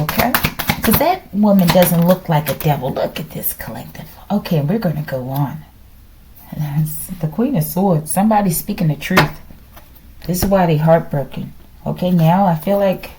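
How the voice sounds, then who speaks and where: A woman's voice: lowish voice, background noise. A woman doing a casual tarot reading who muses aloud, describes herself as hyperactive and keeps addressing her audience as "collective". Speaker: tarot reader.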